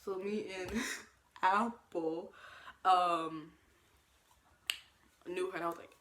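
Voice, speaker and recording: Young woman, casual storytime vlogger, animated, lowish voice, faint noise. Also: measured pace, long pauses. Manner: animated, lots of fillers, acts out quotes in shifting pitch.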